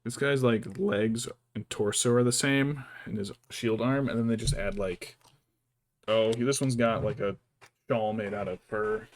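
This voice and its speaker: A man's voice: fairly low pitch, fairly even intonation, measured pace, no echo. A man chatting casually as he paints miniatures, thinking aloud and muttering to himself. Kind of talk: casual chat while working.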